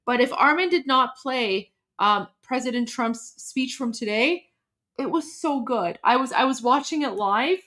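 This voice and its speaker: A woman's voice: high voice, lively intonation, a little slow, fairly bright tone. A woman hosting a casual livestream, talking in an emotional, rambling way that breaks off and restarts often. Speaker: livestream host. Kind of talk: casual live-stream chat.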